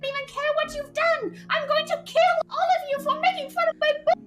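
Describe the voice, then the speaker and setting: A man's voice: extremely high pitch, lively intonation, very slow, loud music behind the voice, pitched above the performer's own voice, full character voice. A woman voicing a pompous, short, bald male lord who blusters and shrieks in outrage. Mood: furious.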